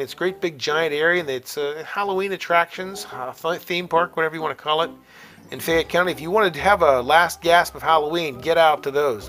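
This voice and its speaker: A man's voice: a little high, pushed and bright. A man hosting a casual call-in radio show, chatty and rambling, laughing often as he talks.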